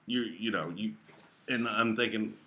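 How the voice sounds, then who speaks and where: Man co-host, very low pitch, bright, plainspoken, casual, interjects. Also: a little slow, a little hiss or hum. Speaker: podcast co-host. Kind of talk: casual conversation.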